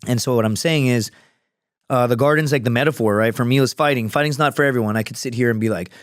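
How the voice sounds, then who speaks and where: A man's voice: mid-range voice, quick pace, no echo, studio quality. A man guest on a podcast, telling stories loosely and casually and swearing freely.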